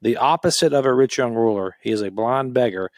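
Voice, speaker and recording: A man's voice: medium pitch, fairly quick, dry recording, studio quality. Earnest man leading a Bible discussion. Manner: earnest, emphatic, with frequent restarts. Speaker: podcast co-host. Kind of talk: Bible discussion, reading scripture aloud.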